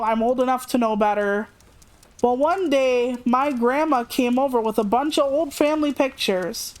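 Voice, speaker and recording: A young adult woman who streams tells a personal story in a casual, chatty, animated way. When quoting what other people said, she acts it out by raising her pitch.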